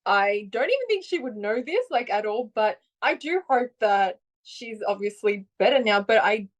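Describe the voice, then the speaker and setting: A woman's voice: a little high, lively intonation, normal speed. A woman, a podcast guest, telling her personal story in a rambling way full of "like" fillers and acted-out quotes. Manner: rambling, frequent "like" fillers, acts out quoted voices.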